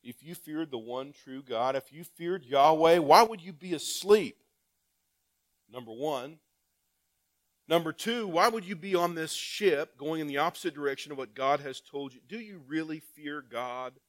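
A male pastor giving a sermon. He reads scripture aloud, asks the congregation rhetorical questions, and swings between loud emphatic calls and quiet asides. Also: fairly high pitch, moderate pace.

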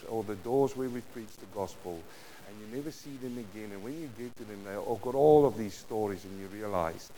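A male pastor with a South African accent delivers a sermon. His delivery moves between near-whispered asides and loud, emphatic lines. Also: fairly low pitch, slight background noise. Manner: dynamic preaching, swinging between hushed and loud.

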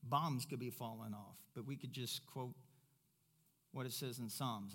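A pastor preaches a sermon in a medium-pitched voice at a slightly slow pace. He starts out loud and emphatic, then drops into a quieter, conversational tone.

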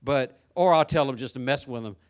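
An older man with a Southern US accent preaching a sermon as pastor, rising to shouted crescendos and dropping to low conversational asides. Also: brisk.

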